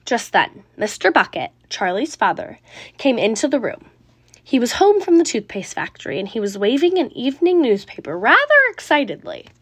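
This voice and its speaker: A woman reads a children's book aloud with expressive, dramatic storytelling. Her voice sits high and swoops widely to bring the tale to life. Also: normal speed, slightly rough.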